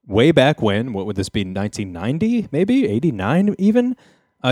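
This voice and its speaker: A man hosting a comedy podcast, interviewing a guest with wry, deadpan banter. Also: mid-range voice, dry recording. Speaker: podcast host. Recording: dry close studio mic.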